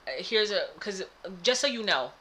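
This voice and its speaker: A woman co-hosting a casual spiritual podcast, talking in an animated way that swings into loud laughing outbursts. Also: mid-range voice, normal speed. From United States. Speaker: podcast co-host and spiritual advisor. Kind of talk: casual chat.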